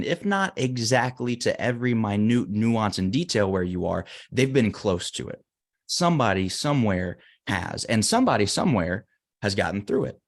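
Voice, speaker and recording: A man as an interview guest telling a story and giving emphatic motivational advice. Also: lowish voice. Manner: earnest, emphatic.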